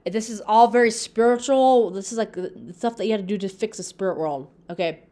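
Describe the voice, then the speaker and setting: A woman's voice: medium pitch, brisk, dark tone. A woman casually and earnestly retelling Bible stories to her viewers, full of restarts and acted-out quotes. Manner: earnest, repetitive, addresses viewers as "you guys"; many restarts and fillers, acts out quoted lines. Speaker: religious video host. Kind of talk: casual Bible talk to camera.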